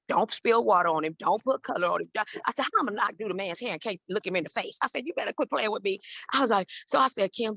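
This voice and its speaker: A woman in her fifties from Southern California tells stories at a quick clip, her voice bright and a little gravelly. She acts out each person in her stories with big leaps in pitch. The sound is dry and close. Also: no room sound. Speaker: guest, celebrity hair stylist. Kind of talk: animated storytelling in an interview.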